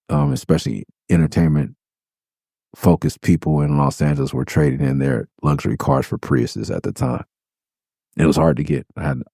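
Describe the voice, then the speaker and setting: A middle-aged man from California hosting a podcast, telling stories in a profane, animated, heated way. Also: rumbling low, vocal fry, no room sound, studio quality. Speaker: podcast host. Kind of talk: casual storytelling monologue.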